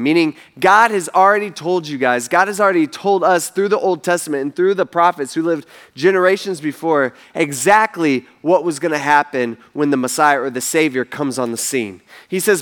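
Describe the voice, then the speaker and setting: A man preaching a sermon in a casual, animated storytelling manner, acting out the quotes he tells. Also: on the high side, moderate pace. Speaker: pastor.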